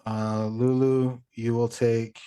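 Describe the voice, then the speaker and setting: A man running a tabletop game as game master, pausing often with fillers while he works out damage rolls. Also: mid-range voice, level tone, dark tone, clean tone. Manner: halting, with many fillers while tallying damage.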